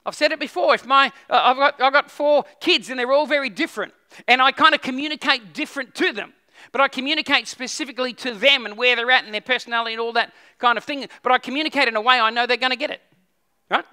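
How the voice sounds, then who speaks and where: A man's voice: very high-pitched, fast talker, bright, forceful tone, smooth. A man preaching a sermon as pastor, talking conversationally with frequent restarts and questions to the congregation.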